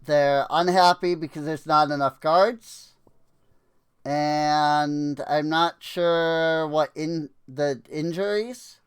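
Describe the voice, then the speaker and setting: A man's voice: a little high, clean tone. A young man streaming a video game and chatting casually, rambling with many fillers, laughing often, his throat a little dry. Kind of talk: casual gameplay commentary.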